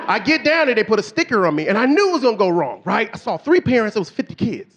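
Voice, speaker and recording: The audio is dull as a middle-aged comedian delivers a club set fast and with few pauses, his voice sitting high. He narrates animatedly and mimics the people in his stories by altering his voice.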